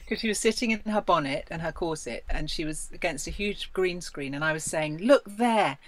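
A woman film director answering interview questions in an effusive, animated way with frequent laughter. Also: sits low, moderate pace, slight background noise.

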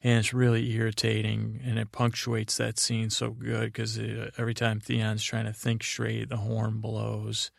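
A man's voice: fairly low pitch, monotone, measured pace, gravelly, hardly any pauses, dry recording, clean studio sound. A man hosting a podcast, giving a rambling recap meant to lull listeners to sleep, meandering and full of fillers. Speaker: podcast host. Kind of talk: drowsy rambling episode recap.

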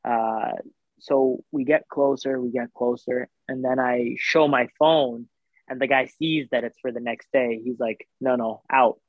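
A man's voice: medium pitch, measured pace, no room sound. Man, casual storyteller, acts out voices, phone-like sound, dry. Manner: animated, acts out quoted voices, filler-heavy.

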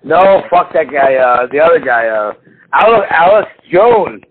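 A man's voice: fairly high pitch, very animated, a little slow, slightly rough. Profane rambling man on a tinny line. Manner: profane, rambling, mimics people in big voices. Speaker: podcast host. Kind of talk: casual chat. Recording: phone-like lo-fi call audio with faint noise.

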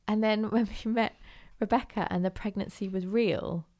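A woman interview guest telling her own story candidly, lively, putting on voices when she quotes others. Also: medium pitch, moderate pace. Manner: animated, does voices of others when quoting.

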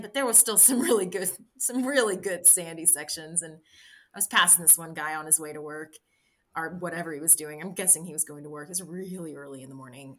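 A woman guest in an interview, recounting a personal story in a halting, candid way with many restarts. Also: lowish voice, pushed and bright. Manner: halting, frequent restarts and fillers. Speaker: interview guest, bikepacking racer.

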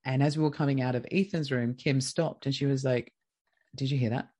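Australian woman, podcast guest, lively storyteller who voices every quoted line. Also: extremely low pitch, a little fast, husky. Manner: lively, acts out quoted dialogue. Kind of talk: casual storytelling.

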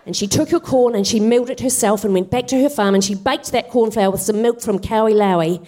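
A woman comedian spins a comic fairy-tale retelling on a theatre stage. She slips in wry, offhand asides between the story beats. Her voice sits a touch high. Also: fairly quick, warm tone. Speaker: guest comedian. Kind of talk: stand-up storytelling, live on stage.

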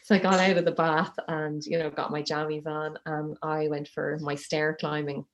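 This is a woman in her thirties with a voice lower than most. She tells her story in a loose, chatty way, acting out what people said and laughing along the way. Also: level tone, normal speed. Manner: chatty, laughs often, acts out quotes. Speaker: guest telling her birth story. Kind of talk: casual storytelling.

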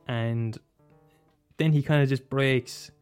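A man's voice: medium pitch, steady tone, slow pace, a little mellow, clean tone, faint music behind. A man talking casually about a favourite film, rambling and restarting, swearing and laughing as he goes. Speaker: film commentator. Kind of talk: casual monologue.

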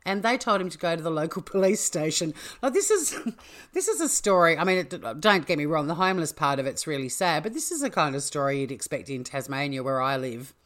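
A woman's voice: low-pitched, fast talker, hardly any pauses, a bit bright. A woman hosting a true-crime podcast, chatty and playful, correcting herself as she goes. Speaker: podcast host.

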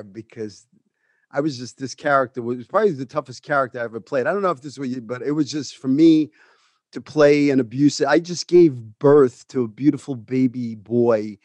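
A man's voice: mid-range voice, normal speed, darkish tone, no room sound. A man, an actor, reflecting earnestly in an interview about playing a difficult role. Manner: thoughtful, earnest, laughs lightly. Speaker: actor guest.

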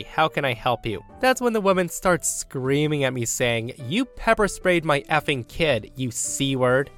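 A man reading a reddit story aloud in a brisk storytelling manner, with lively quoted voices. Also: medium pitch. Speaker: story narrator.

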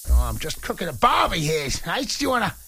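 A man's voice: high voice, wildly swooping pitch, brisk, creaky, bright, forceful tone, husky, pitched below the performer's own voice, heavily acted. A man on a sports radio show putting on a jokey Australian accent to play a breezy, middle-aged football manager in a comic role-play. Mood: jovial. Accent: put-on Australian. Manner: blokey, matey, bossy. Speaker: radio pundit.

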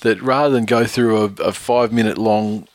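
A man's voice: lowish voice, steady tone, fairly quick, no echo. A man co-hosting a podcast, chatting casually about sport, rambling with filler words, laughing often and swearing. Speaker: podcast co-host.

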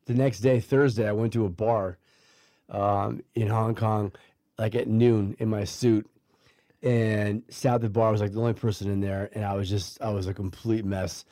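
A man's voice: on the low side, level tone, moderate pace, dark tone, no room sound. Middle-aged guy rambling through a story, lots of um and restarts, dry close sound. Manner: rambling, many restarts and fillers, acts out quoted voices. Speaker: guest telling a life story. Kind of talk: casual storytelling.

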